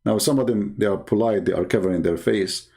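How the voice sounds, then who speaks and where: Fairly quick and mellow, on the low side: that's the voice of a man debating religion online. His impassioned monologue is combative and derisive, getting more heated as he makes each point.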